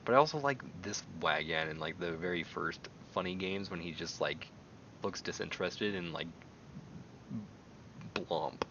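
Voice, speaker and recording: A man streaming casual commentary while browsing online, rambling excitably and swinging between mumbles and loud bursts. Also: deep voice, unhurried, highs cut off, background noise. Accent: American. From American.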